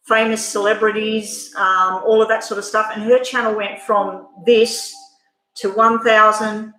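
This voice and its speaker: A woman's voice: on the high side, bright, forceful tone. A woman hosting a live tarot reading stream, chatting candidly and emotionally to her viewers. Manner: addresses viewers directly. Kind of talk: casual live-stream chat and card reading. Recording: echoey room.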